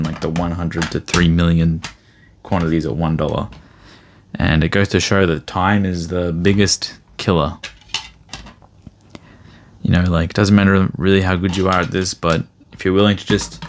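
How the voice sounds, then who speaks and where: A man's voice: low-pitched, slight background noise. A man chatting casually and thinking aloud as he flips through graded trading cards for his vlog. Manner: rambling, easygoing, thinks aloud. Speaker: card collector vlogger.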